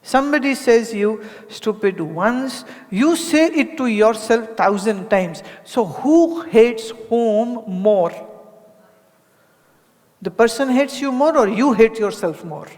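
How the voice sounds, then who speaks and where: Slow-paced, with a fairly high, darkish voice and lively intonation, an Indian woman spiritual teacher addresses an audience in a large hall. Long hall reverb surrounds her conversational talk, full of rhetorical questions and impressions of those she quotes.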